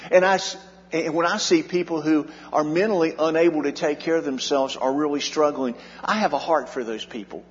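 A man's voice: fairly high pitch, brisk. A man preaching a sermon as pastor, earnest, with his voice rising and falling in volume for emphasis. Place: church sanctuary. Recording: dull sound in a long-reverb hall.

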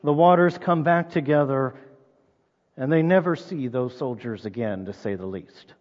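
A man preaching a sermon in a relaxed, conversational way, asking the listeners rhetorical questions. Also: mid-range voice, normal speed. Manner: conversational, reads scripture aloud, asks rhetorical questions. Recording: reverberant dull-sounding hall.

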